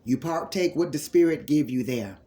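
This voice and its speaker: A man's voice: fairly high pitch, animated, normal speed, mellow. A man preaching a spiritual healing sermon with fervor, repeating phrases for emphasis and calling his listeners loved ones.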